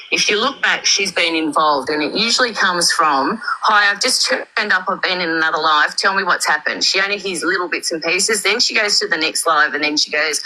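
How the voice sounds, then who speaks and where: Woman, live-stream commentator, very bright tone, deliberate, repetitive, lots of ums. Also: on the low side, rough recording. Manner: measured, repeats points, many fillers. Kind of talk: critical commentary in a live chat.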